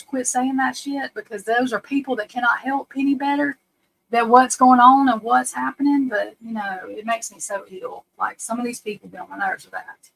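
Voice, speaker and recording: A woman's voice: high voice, fairly even intonation, brisk, creaky, rough recording. A middle-aged woman from the United States hosting a live stream, rambling and frank, restarting her sentences and swearing casually.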